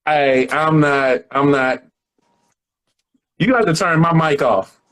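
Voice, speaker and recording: A comedian talking in a loose, animated way, laughing through his stories. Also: a little high, slow, poor audio. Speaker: comedian guest. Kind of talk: casual chat.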